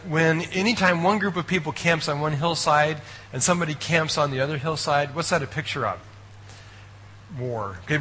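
A man's voice: on the high side, bright, forceful tone, husky, rough recording. A man preaching a sermon in a conversational way, often checking in with his listeners and adding wry asides. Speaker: pastor.

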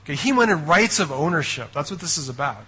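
A male pastor telling a story in a sermon with lively, conversational energy, often tossing in "okay?" and "right?". His voice sits a touch high and sounds bright and forward, with a husky grain. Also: fairly quick. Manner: animated storytelling.

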